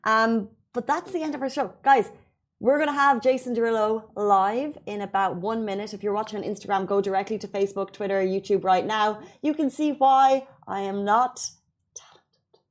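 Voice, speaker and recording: An Irish woman hosting a show, chatting playfully and reading the news, animated and quick to laugh. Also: medium pitch. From Ireland. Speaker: show host. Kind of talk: casual chat and news reading.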